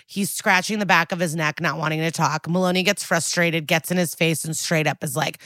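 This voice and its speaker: A woman co-hosting a podcast in casual chat, recapping a TV episode and acting out the characters' lines with sudden jumps in pitch. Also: a little fast, hardly any pauses, fairly bright tone, no room sound, studio quality.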